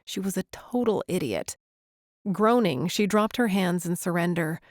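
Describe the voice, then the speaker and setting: A woman reading a romantic comedy audiobook in gentle, even narration. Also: lowish voice, measured pace, no echo, clean studio sound. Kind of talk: scripted narration.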